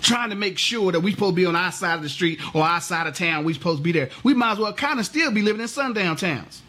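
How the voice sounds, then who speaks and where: Heated husky man ranting. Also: high voice, expressive, fast, sharp tone. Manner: heated, profane, rhetorical questions. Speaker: vlogger. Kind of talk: impassioned political rant.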